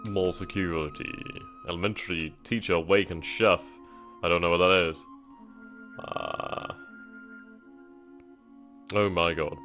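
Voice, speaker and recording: A man with a very low voice talks through a game's setup menus, reading text aloud and thinking as he goes. He hesitates and muses casually as he chooses options. Faint music plays under his voice. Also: wildly swooping pitch, slow, pauses often, a bit bright. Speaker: gaming channel host. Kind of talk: casual let's-play commentary.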